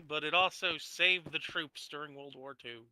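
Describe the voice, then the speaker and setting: A co-player in casual gaming chat, teasing with playful, deadpan remarks. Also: mid-range voice, normal speed, clean tone, low-quality recording.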